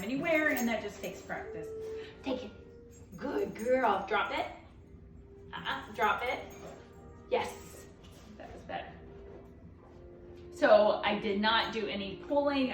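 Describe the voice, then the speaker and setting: A woman dog trainer explaining a training demonstration while playing, switching between excited praise and firm commands. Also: fairly high pitch, roomy sound, far from the mic.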